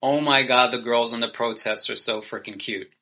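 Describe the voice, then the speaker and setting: A man's voice: mid-range voice, fairly even intonation, normal speed, bright, forceful tone. A man, an actor, chatting casually and animatedly, exclaiming and acting out quotes. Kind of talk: casual podcast chat.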